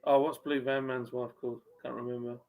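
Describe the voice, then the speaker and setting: A man's voice: mid-range voice, little pitch movement, fairly quick, creaky, phone-quality sound. A man hosting a casual live stream, chatting and greeting viewers by name. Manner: chatty, reads out viewer names.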